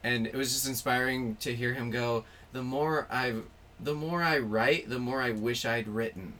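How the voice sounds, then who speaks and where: A man co-hosting a podcast, telling a story in casual chat with a halting delivery and restarts. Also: medium pitch, pushed and bright. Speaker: podcast co-host.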